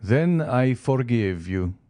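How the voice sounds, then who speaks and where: A man voicing a stern male count, speaking slowly, solemnly and deliberately. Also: mid-range voice, animated, warm tone, dry recording. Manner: slow, solemn and measured.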